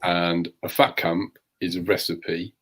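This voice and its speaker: A man on a live show calmly giving his opinions on boxing. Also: low-pitched, husky. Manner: measured, opinionated. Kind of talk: casual boxing analysis.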